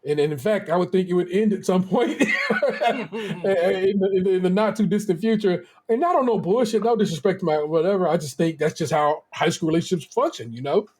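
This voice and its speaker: A man's voice: sits high, brisk, a little mellow, slightly rough. A middle-aged man co-hosting a podcast, telling stories about his family in a loose, rambling way with frequent restarts and casual swearing. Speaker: podcast co-host.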